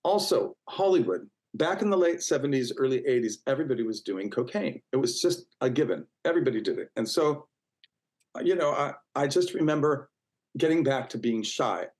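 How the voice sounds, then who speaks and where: A brisk, animated man in his sixties with a medium-pitched voice tells stories as a guest in a casual interview, heard on a rough recording. He's warm and talkative, leans on fillers and restarts, and acts out quoted voices.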